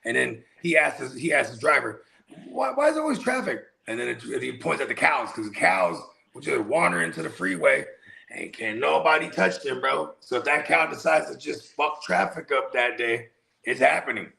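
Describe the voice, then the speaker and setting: A man telling stories in a casual podcast chat, animated and slangy, sometimes breaking into loud shouts. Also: mid-range voice, moderate pace, vocal fry. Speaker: podcast co-host.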